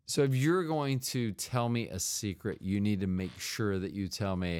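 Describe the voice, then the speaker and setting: A man's voice: fairly low pitch, expressive, normal speed, hardly any pauses. A man hosting a solo podcast in a rambling, digressive comedic monologue, full of fillers and playful mouth sound effects. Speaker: podcast host.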